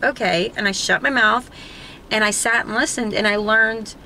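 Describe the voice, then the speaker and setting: Bright-voiced Southern woman telling stories. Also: medium pitch, normal speed, slight background noise, poor audio. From South Florida. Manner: chatty storyteller, full of quoted asides. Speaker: channel host. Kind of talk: casual chat. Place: home room, indoors, fan running.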